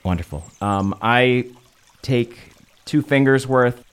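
A man's voice: medium pitch, slow, smooth. A man playing a tabletop game, easygoing and hedging his actions with likes. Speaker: player.

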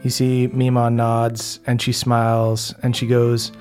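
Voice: medium pitch, measured pace, soft background music. Laid-back tabletop game master. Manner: relaxed, chatty, laughs between lines.

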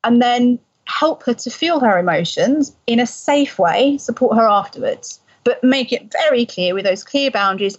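A woman explaining parenting advice in a calm, gentle conversational way. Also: fairly high pitch, moderate pace, hardly any pauses. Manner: calm, gentle, soothing when voicing a parent. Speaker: parenting expert guest. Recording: slightly dull lo-fi sound.

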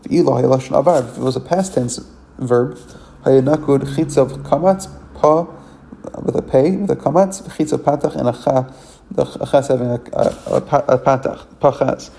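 Guy reading scripture lines then translating them bit by bit, gravelly voice, kinda dark tone, stops to fix himself a lot. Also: mid-range voice, a little hiss or hum. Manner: reads verses aloud, then translates phrase by phrase; halting, frequent self-corrections and fillers. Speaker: Torah teacher. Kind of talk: reading and translating a religious text.

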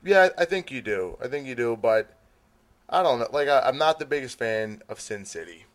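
Man, podcast guest, mid pitch, blunt and wisecracking. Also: normal speed. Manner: animated, blunt, jokey. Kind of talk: casual chat.

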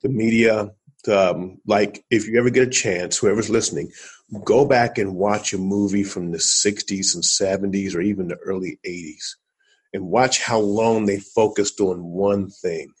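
A man from Ohio, a former football player, telling stories as an interview guest, animated and addressing listeners directly. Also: on the low side, moderate pace, slightly rough, poor audio. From Columbus, Ohio, USA. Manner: animated storyteller, acts out quotes, talks to the listener. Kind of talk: storytelling in a podcast interview.

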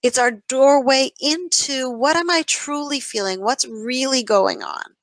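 A woman guest in an interview, explaining in an animated way and checking in with "right?" as she talks. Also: sits high, unhurried, dry recording, rough recording. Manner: animated, acts out inner voices, says "right?" often.

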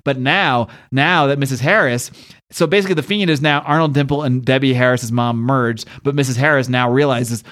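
A man hosting a casual podcast, talking excitedly with lots of fillers, restarts and laughs. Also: medium pitch, fairly quick. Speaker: podcast host.

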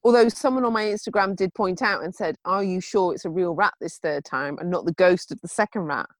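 A woman in casual chat, telling a funny story with lively acted-out quotes. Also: fairly low pitch, fairly quick, no room sound. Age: adult. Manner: animated storytelling, acting out quotes.

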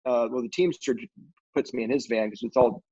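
A middle-aged man from film crews, appearing as a guest, tells a rambling story casually and fills it with "you know." His medium-pitched voice is steady, dark, and husky at a brisk pace, on a dull lo-fi recording.

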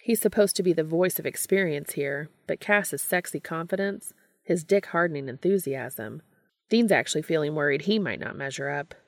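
A woman giving a steady, scripted narration of a romance story. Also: low voice, normal speed, no room sound, clean studio sound.

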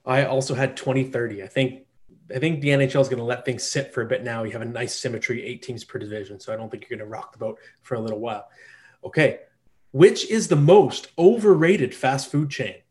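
Man hosting a relaxed podcast quiz. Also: medium pitch. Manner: quizzing his co-hosts with quick questions. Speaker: podcast host. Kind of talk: casual chat.

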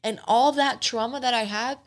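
Here a woman in her late twenties hosts a podcast, speaking candidly and emotionally about personal matters and swearing casually. Her pitch runs fairly high and she talks at a normal speed.

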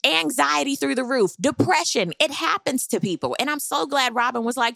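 A bright, lively woman recaps reality TV, her pitch leaping up and down. Her voice carries a gravelly edge, and the sound is dry and close. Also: normal speed, hardly any pauses, dry recording. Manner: sassy, animated, with high squealing reactions. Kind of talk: casual reality show recap.

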